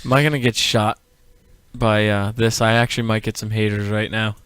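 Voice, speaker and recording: Sex: man. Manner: wry side comments. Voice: bright, dry. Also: on the low side, little pitch movement, fairly quick, smooth, dry recording. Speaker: podcast co-host. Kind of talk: casual banter.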